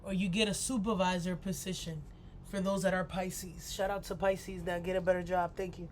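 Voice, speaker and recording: A woman's voice: lowish voice, level tone, normal speed, a little hiss or hum. A woman hosting a casual astrology livestream, rambling and playful, with apologetic asides.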